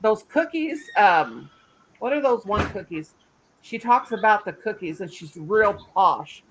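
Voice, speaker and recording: Woman host, casual stream chat, lively intonation, very talkative. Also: mid-range voice, unhurried, a little hiss or hum, low-quality recording. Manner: chatty, animated, laughs a lot. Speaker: livestream host.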